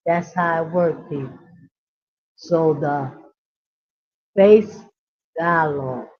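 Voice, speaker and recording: A woman's voice: low voice, slow pace, highs cut off. A woman giving an impassioned teaching monologue as a speaker on inner child healing, with repetitive, preacher-like build-ups and casual, colloquial grammar.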